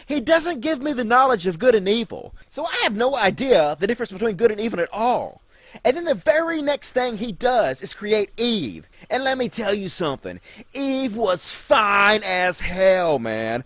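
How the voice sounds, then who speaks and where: A man's voice: high voice, very animated, moderate pace, dry recording. A man playing a crude, slacker-style Adam, the first man, in a comedic monologue full of "man" and "dude". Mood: aggrieved. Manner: foul-mouthed stoner drawl, lots of "man" and "dude".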